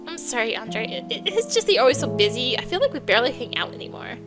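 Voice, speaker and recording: A woman voicing a tearful, apologetic young woman who speaks in a shaky, halting way, with game music behind. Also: sits high, expressive, creaky, voice pushed up.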